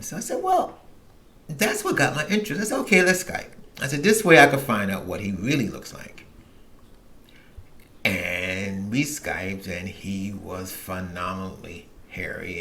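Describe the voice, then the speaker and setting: A middle-aged man tells a candid personal story on his own show, rambling and restarting as he goes. His voice is bright and forward, and his pitch swings widely. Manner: frank, rambling, with many restarts and quoted asides. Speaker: podcast host.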